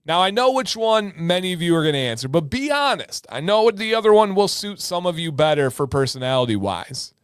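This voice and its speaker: A man hosting a livestream in casual chat, energetic and talkative, often repeating words for emphasis. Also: high-pitched, fairly quick, few pauses, clean tone, no room sound, studio quality. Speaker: livestream host.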